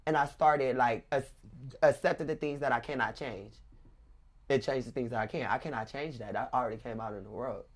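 A woman guest in a casual interview chat, joking and animated as she retells her story in a Los Angeles vernacular accent. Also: a bass voice, fairly quick. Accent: African American Vernacular English, Los Angeles. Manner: joking, laughs often, animated when retelling.

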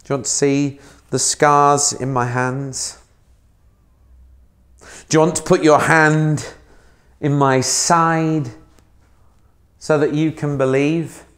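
A man voicing a calm, gentle male teacher quietly inviting his doubting friend closer. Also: on the high side, slow pace, long pauses. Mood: gentle invitation.

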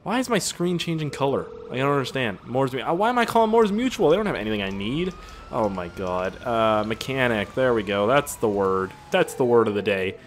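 A man's voice: mid-range voice, big pitch swings, brisk, slight background noise. Rambling, profane young man gaming. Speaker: gaming channel host. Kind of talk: casual gameplay commentary.

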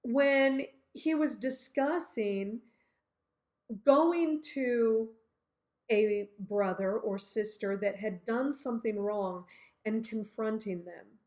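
A woman with a high voice teaches scripture at an unhurried, measured pace. She is earnest and explains each point by acting out small everyday scenes. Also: a little mellow. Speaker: Bible teacher. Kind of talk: Bible teaching talk.

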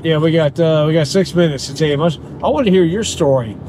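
A man's voice: fairly high pitch, quick pace, dark tone. An older man with a Southern accent, a driver and host chatting casually with a passenger in his car. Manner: chatty, playful, jokes with put-on accents. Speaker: rideshare driver and podcast host. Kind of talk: casual chat. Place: inside a car. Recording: noisy car interior.

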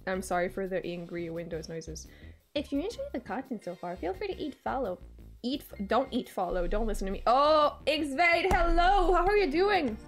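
A woman's voice: sits high, lively intonation, normal speed, over music. A young woman streaming a game, chatting playfully with viewers and often breaking into giggles. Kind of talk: casual game-stream chat.

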